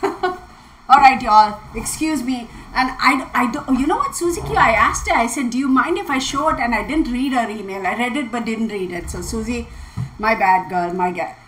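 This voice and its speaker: A woman host, chatting casually on a livestream, bubbly and excitable, laughing often. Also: a little high, a little hiss or hum, poor audio. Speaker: tarot channel host.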